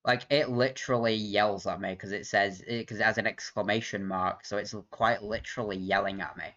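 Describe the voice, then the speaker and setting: A man's voice: on the low side, steady tone, brisk, fairly bright tone. Rambling, swearing young-sounding man on stream. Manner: rambling, laughs a lot, swears casually. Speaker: livestream host. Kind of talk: casual live-stream chat. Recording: dull lo-fi stream audio.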